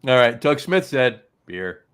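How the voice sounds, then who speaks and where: Brief: New Jersey male host, mid-pitched, loose and rambling, filler-heavy. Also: animated, a little fast. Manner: rambling storyteller, lots of ums and uhs. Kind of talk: casual chat.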